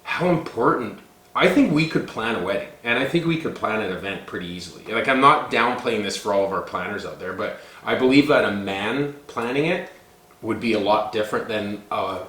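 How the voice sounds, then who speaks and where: A man's voice: on the low side, animated, a little fast, a bit bright, roomy sound. A man co-hosting a casual podcast, chatty and loose, full of "like" and "dude" fillers. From Canada. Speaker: podcast co-host.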